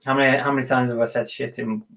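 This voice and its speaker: A man talks casually on a live stream, co-hosting a show about reselling. He is self-deprecating and chatty, swears freely, and speaks at an ordinary middle pitch. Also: little pitch movement, fast, creaky, fairly bright tone. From England.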